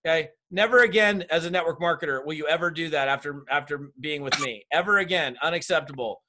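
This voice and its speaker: Man, sales coach, raised voice, energetic, direct, video call. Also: on the high side, fast talker, slight background noise. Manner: energetic, direct, talks straight to the audience. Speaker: network marketing trainer.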